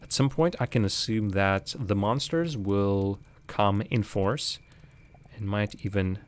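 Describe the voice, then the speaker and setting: A man's voice: fairly low pitch, slow, clear, resonant tone. A man giving casual, rambling commentary while streaming a game live, chatting with viewers and laughing often.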